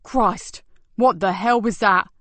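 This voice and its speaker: A woman's voice: medium pitch, slow pace, a bit bright, dry recording. A woman voicing a bulky, grumbling male police officer in a crime audiobook, exasperated and complaining.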